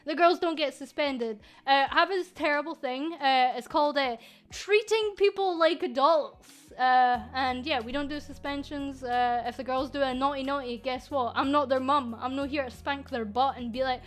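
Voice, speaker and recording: High-voiced Scottish woman on a casual livestream. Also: moderate pace, soft background music. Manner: frank, joking, full of fillers and restarts. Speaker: VTuber and agency manager.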